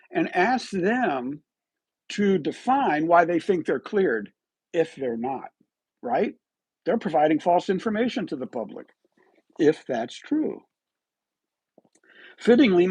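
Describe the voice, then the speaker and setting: Man, live commentary host, husky voice, rhetorical and accusatory, dry close sound. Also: high-pitched, a little mellow, no echo. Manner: rhetorical and accusatory, keeps asking "right?". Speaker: host of a live online true-crime commentary show.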